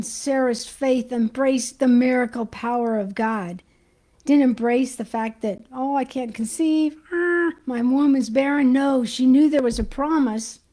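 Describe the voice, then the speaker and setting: A woman giving an informal Christian teaching, talking excitedly and chatting to her viewers while she hunts for her notes. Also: on the high side, low-quality recording. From United States.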